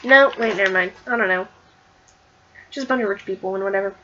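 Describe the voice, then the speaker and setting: A woman's voice: mid-range voice, quick pace, dull audio, noisy background. A woman casually talking through a comic issue in a chatty vlog, full of fillers and giggles. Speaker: comic book reviewer.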